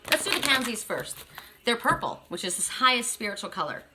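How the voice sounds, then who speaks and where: A woman's voice: a little high, big pitch swings, fairly quick, very noisy. A woman doing a casual spiritual card reading, chatty and emphatic, often checking in with "right?". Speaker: tarot card reader.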